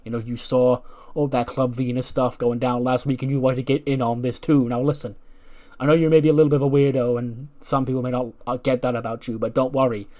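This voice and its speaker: A man's voice: medium pitch, level tone, fairly quick, dark tone, close to an everyday voice. A man voicing a cocky, sleazy male wrestler giving dating advice backstage. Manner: slick, cocky, overfamiliar.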